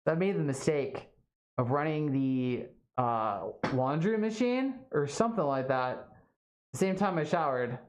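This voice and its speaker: A woman's voice: deep voice, lively intonation, unhurried. A young woman streaming live, chatting casually with her viewers and reading their comments, full of "like" and "um" fillers.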